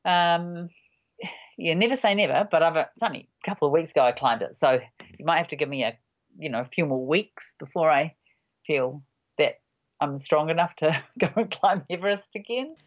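Low-voiced older woman, dull lo-fi audio. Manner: measured, halting, with many pauses and fillers. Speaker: high-altitude mountain guide. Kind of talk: reflective interview answers.

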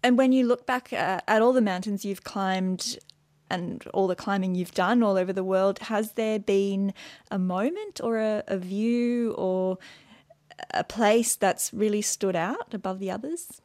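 A woman interviewer asking clear, composed questions. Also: medium pitch, unhurried, a little mellow, no room sound.

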